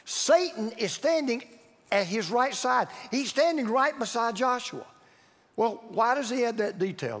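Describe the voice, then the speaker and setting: A male pastor preaches with a high voice and a lively, wide-ranging delivery. He leans on repetition and swings between loud emphasis and hushed asides. His voice rings through a church hall with long reverb. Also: a little slow. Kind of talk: sermon. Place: church sanctuary.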